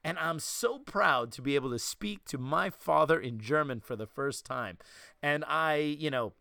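New York guy, podcast host, animated storyteller, a bit higher voice, dry studio sound. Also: normal speed, vocal fry, no echo. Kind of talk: casual chat.

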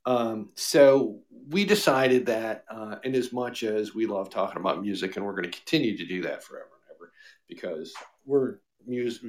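A man co-hosting a casual podcast, joking and rambling with his co-host. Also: on the low side. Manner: joking, rambling, mock radio-DJ bits. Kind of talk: casual chat.

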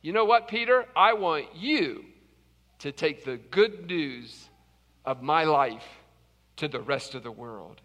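A calm teacher speaks to his follower in a gentle, knowing way, voiced by a man preaching. The voice is high and bright, with a long reverb hanging after it. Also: unhurried, full character voice.

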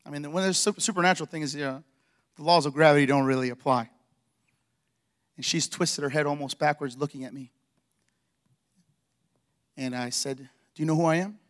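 High-voiced pastor preaching with energy. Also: male voice, moderate pace, long pauses. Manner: energetic storytelling, acting out dialogue. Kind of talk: sermon. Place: church.

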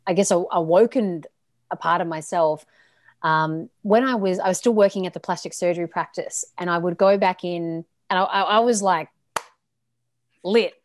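Animated Australian woman coach. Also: on the low side, moderate pace, dry recording, clean studio sound. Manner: animated, swears casually, laughs often. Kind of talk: casual podcast conversation.

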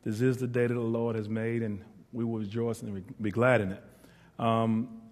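Preaching as a guest in a church sanctuary with hall reverb, a middle-aged man from northeastern North Carolina delivers a heartfelt, earnest sermon and tosses playful remarks to the congregation. He speaks at normal speed in a level, slightly mellow mid-range voice.

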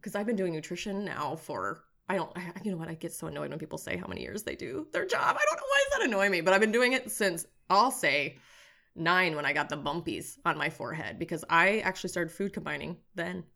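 Bright, animated woman nutritionist. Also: a little fast, vocal fry. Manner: lively, animated, acts out quotes with big pitch jumps. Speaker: nutritionist, guest. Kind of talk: casual podcast interview.

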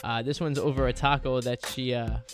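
Young man, college radio host, casual, rambling, mid pitch, faint music behind. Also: fairly even intonation, brisk. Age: young adult. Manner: rambling, with many fillers.

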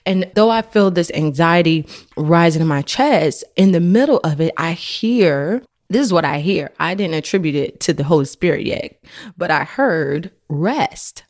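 A woman with a low, full voice hosts a faith podcast. She tells a personal story in an earnest, conversational way, like she is talking to a friend. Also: normal speed. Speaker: podcast host.

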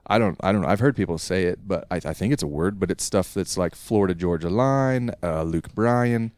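A young man from Idaho, co-hosting a casual podcast from a home basement, ranting in animated chat. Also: low voice, fairly quick, smooth, no room sound. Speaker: podcast co-host.

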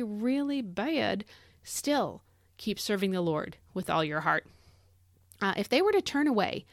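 A woman's voice: medium pitch, no echo, studio quality. A middle-aged woman hosting a devotional Bible talk in a chatty, conversational way. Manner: chatty, conversational with many fillers. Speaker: podcast host.

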